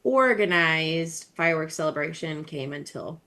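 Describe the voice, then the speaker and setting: Woman, podcast co-host, lower voice, chatty, laughs often. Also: expressive, moderate pace, sharp tone. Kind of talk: casual podcast chat.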